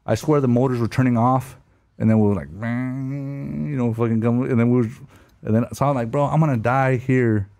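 A man's voice: mid-range voice, steady tone, fast talker, dark tone. A man in his thirties casually telling stories, heavy with slang and swearing, laughing as he goes. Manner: slangy, profane, storytelling with laughs. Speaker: guest telling war stories. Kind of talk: casual podcast chat.

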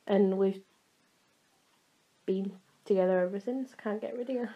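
A young woman with a Yorkshire accent, co-hosting a podcast in casual chat, teasing and talkative and quick to cut in. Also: medium pitch, highs cut off. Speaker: podcast co-host.

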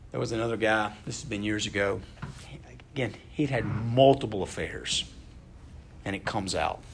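A man's voice: on the low side, normal speed, gravelly, slight background noise. A man preaching a conversational, earnest sermon, asking his listeners questions as he goes. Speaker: pastor.

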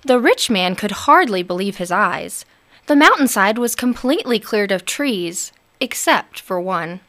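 A woman narrating a storybook aloud in an expressive, unhurried manner. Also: mid-range voice.

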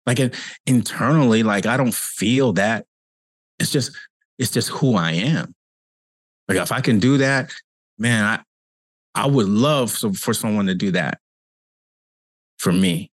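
A man's voice: lowish voice, unhurried, pauses often, no room sound. A man who hosts a show as a cancer coach, talking earnestly and conversationally in a reflective motivational monologue, often repeating himself for emphasis. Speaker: cancer coach and podcast host.

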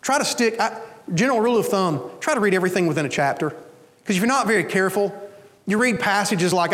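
High-voiced pastor preaching in a hall. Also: male voice, lively intonation, fast, a bit bright. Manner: conversational preaching, asks the congregation "you understand?". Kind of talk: sermon.

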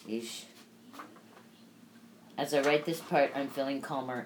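A woman with a strikingly deep voice speaks on a candid podcast. She is blunt and swears freely, and at times she reads from her own grief journal. A faint ambient hum sits behind her. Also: fairly even intonation, normal speed, pauses often, poor audio. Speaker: podcast guest.

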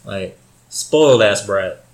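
A man's voice: lowish voice, lively intonation, slow. A young man telling a rambling, profane story in casual chat, full of filler words.

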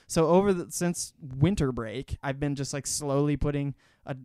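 A man's voice: medium pitch, fairly quick, hardly any pauses, warm tone, dry recording, clean studio sound. A young man and student in casual chat with a friend, rambling and swearing casually.

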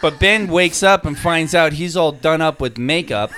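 A man's voice: a little high, normal speed, slight background noise. A man telling, in a casual chat, how the players in his tabletop game behaved, with laughter and swearing. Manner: animated, laughing, profane.

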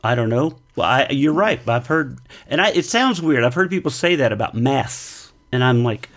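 A man's voice: mid-range voice, lively intonation, normal speed, few pauses, a bit bright. A man from the United States co-hosting a podcast, answering in a joking, playful way with puns. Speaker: podcast co-host. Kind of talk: casual chat.

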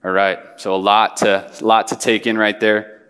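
A man's voice: lowish voice, flat delivery, normal speed, fairly bright tone, smooth. A young man preaching a sermon and reading scripture aloud, earnest, often restarting with repeated words. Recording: hall reverb.

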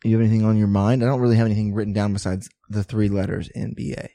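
A man's voice: lowish voice, flat delivery, rapid-fire, gravelly, mellow, no echo. A young man in his twenties co-hosting a podcast, chatting loosely about sports with a lot of swearing and laughter. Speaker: podcast co-host. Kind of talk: casual podcast banter.

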